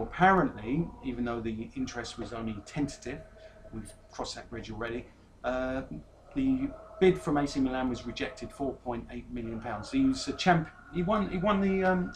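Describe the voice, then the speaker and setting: A man's voice: mid-range voice, normal speed, slight background noise. Jokey man hosting a football chat. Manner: jokey, teasing, reads out player news. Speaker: podcast host.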